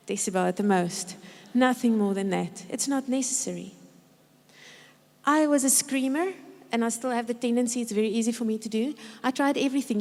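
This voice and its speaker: Middle-aged woman conference speaker, animated storyteller who mimics parents and kids, fairly high voice, booming church hall. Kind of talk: conference talk with acted-out quotes. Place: large church auditorium. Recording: reverberant hall.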